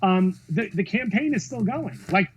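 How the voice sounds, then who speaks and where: A film director, a man, telling stories in a podcast interview, expressive, acting out quotes and swearing freely. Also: high voice, normal speed, muffled recording, a little hiss or hum. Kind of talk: animated storytelling in a podcast interview.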